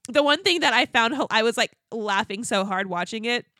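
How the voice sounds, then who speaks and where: A woman's voice: on the high side, animated, brisk, bright, forceful tone, no echo, clean studio sound. A young woman co-hosting a podcast in casual chat, retelling TV scenes with lots of laughter. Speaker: podcast co-host.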